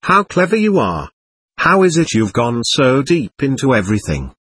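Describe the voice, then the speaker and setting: A man's voice: medium pitch, very animated, moderate pace, fairly bright tone, breathy edge, dry recording. A man putting on a fawning young woman. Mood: admiring. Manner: coaxing and admiring. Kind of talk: audiobook character reading.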